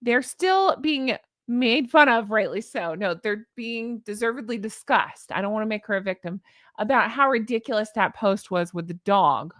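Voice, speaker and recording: A woman's voice: a little high, animated, moderate pace, fairly bright tone, no room sound, clean studio sound. A woman hosting a casual commentary vlog, sarcastic and exasperated as she rants. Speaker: YouTube commentary host.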